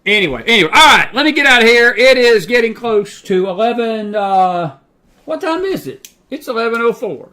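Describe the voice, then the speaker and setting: Male talk host, fairly high voice, fiery preachy monologue, drags words out for emphasis. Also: expressive, bright, forceful tone. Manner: impassioned, preachy, slows down to hammer points. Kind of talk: late-night talk radio monologue.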